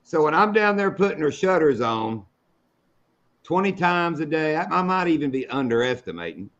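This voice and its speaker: A man's voice: on the high side, sing-song, moderate pace, a bit bright, lo-fi sound. A middle-aged man hosting a live fishing show, telling stories in a folksy, salty way. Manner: folksy, storytelling, salty language. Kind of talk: casual live-stream chat.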